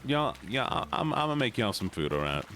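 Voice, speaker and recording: A man streaming a game and chatting casually with his audience, goofy and playful, slipping into a put-on southern drawl and deep joke voices. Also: sing-song, brisk, a bit bright, soft background music. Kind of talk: casual chat with a live stream audience while gaming.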